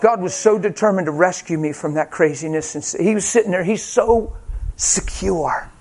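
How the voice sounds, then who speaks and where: At a moderate pace, a high-voiced male preacher relates a personal experience within his sermon. His delivery is lively and self-mocking, with every quoted line acted out.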